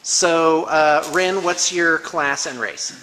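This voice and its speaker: A man's voice: fairly high pitch, slow pace, sharp tone. A man hosting a tabletop game as game master, chatty and upbeat with many fillers. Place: room around a gaming table. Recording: reverberant room.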